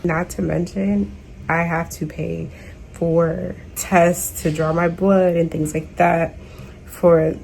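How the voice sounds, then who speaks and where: A woman's voice: fairly low pitch, little pitch movement, takes it slowly, creaky, a little mellow, a little hiss or hum, poor audio. A young woman venting in a casual video diary, stressed and worn out, exasperated and slangy as she talks to her camera at home. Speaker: vlogger.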